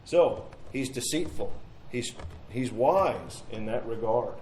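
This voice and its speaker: A man's voice: mid-range voice, lively intonation, slow, darkish tone, reverberant, slight background noise, low-quality recording. A man teaching a midweek Bible study in an earnest, conversational way, repeating phrases and asking rhetorical questions, recorded in a church room.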